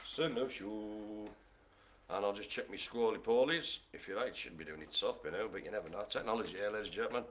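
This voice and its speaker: A man's voice: fairly low pitch, quick pace, fairly bright tone. A man hosting a live online bingo game, chatty and jokey, full of puns and asides. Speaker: bingo host.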